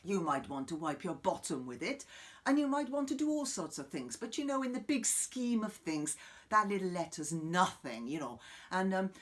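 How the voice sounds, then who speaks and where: A man's voice: high voice, big pitch swings, moderate pace. Mimi Vogel, a man playing a crude, dreamy woman guru. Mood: rambling musing. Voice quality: profane, wandering, sudden loud outbursts then quiet asides. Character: eccentric middle-aged woman guru, rambling, crude, dreamy. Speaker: comic character host. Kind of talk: improvised character monologue to camera.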